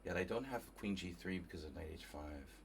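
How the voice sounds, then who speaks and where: A man's voice: deep voice, lively intonation, brisk, gravelly, a little hiss or hum. A man from New Jersey commentating casually on his own chess game, thinking aloud and chatting with viewers. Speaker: chess streamer. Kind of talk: casual live commentary while playing.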